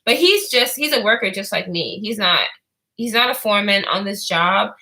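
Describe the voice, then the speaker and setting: A woman's voice: medium pitch, animated, normal speed, sharp tone, poor audio. A woman vlogger telling a rambling story in casual talk, full of fillers and swearing.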